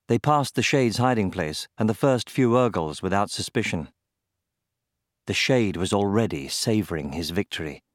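A man with a medium-pitched voice narrates a fantasy audiobook in a steady, measured storytelling style. The recording is clean studio sound with no room echo.

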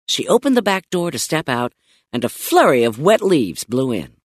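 Animated woman narrating a children's audiobook. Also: sits low, normal speed, slightly rough, no echo, clean studio sound. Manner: animated, playful storytelling. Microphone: close studio mic.

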